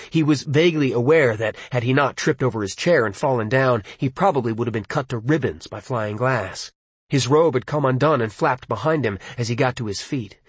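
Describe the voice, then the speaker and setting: A man reading a suspenseful novel aloud as an audiobook, in a measured, dramatic storytelling style. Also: medium pitch, husky, dry recording. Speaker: audiobook narrator.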